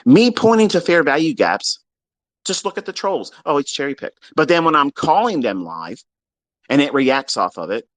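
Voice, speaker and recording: A man with a fairly high, very lively voice, swinging up and down as he scolds his listeners in a blunt, profane rant. He sounds close and dry, with no room around him. His delivery stays unscripted and hard-edged throughout. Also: normal speed, no room sound. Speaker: trading mentor. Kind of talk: unscripted rant on a live audio space.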